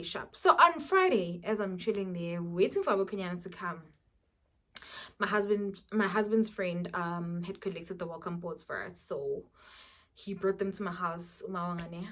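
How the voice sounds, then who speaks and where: A young South African woman telling a lively storytime vlog, mixing in local words. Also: fairly low pitch. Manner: animated storytelling, mixing in Zulu words, with laughs. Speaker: YouTuber.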